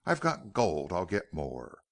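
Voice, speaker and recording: Bitter outlaw boss, low and hard, voiced by a male reader; deep, gravelly. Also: wildly swooping pitch, slow, fairly bright tone, heavily acted.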